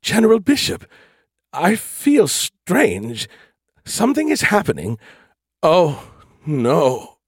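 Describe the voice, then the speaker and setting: A man voicing a polite, proper female starship AI in a high, formal voice. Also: wildly swooping pitch, takes it slowly, long pauses, husky, no echo, studio quality, full character voice. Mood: alarmed. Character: polite prim female ship AI.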